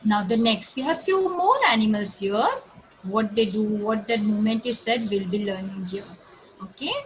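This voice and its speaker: An Indian woman teaching young children an English lesson, explaining slowly in a sing-song manner and imitating animal sounds. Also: mid-range voice, slight background noise, rough recording. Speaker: schoolteacher.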